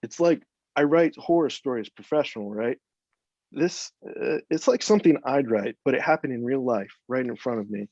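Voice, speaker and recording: A man's voice: medium pitch, moderate pace, a little mellow, dry recording, close to an everyday voice. A man voicing a nervous, rambling American horror writer with an American accent, read aloud from a story. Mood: flustered. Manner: jittery, rambling, says "man" a lot. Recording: dull, dry, lo-fi sound.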